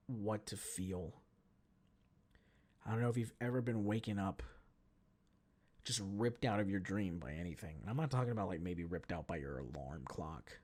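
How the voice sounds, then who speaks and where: A man in his twenties hosting a podcast, telling a story as a profane, animated casual rant. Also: deep voice, moderate pace, long pauses. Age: 20s. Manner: animated, profane, jumps between mumbling and shouting. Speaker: podcast host.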